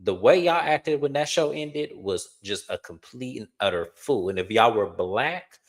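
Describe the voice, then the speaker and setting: A young man, co-hosting a casual reality TV recap and swooping up into high incredulous exclamations. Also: animated, unhurried. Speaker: co-host.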